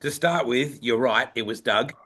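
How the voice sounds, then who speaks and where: A man's voice: mid-range voice, moderate pace, pushed and bright. An Australian man hosting a casual podcast, telling stories eagerly. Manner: eager storytelling. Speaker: podcast host.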